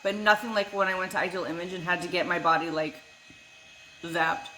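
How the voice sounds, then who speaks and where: A young American woman vlogs live from home, casually answering her chat by name, blunt and swearing freely. Her lowish voice is fairly even in intonation, a little fast, and pushed and bright. A slight hiss or hum runs under the audio.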